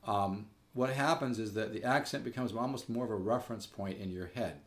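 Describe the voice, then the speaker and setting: A man's voice: lowish voice, brisk. A man giving a casual guitar lesson, who rambles, repeats words and sings out rhythms as he explains. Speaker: guitar teacher. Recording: guitar music playing behind.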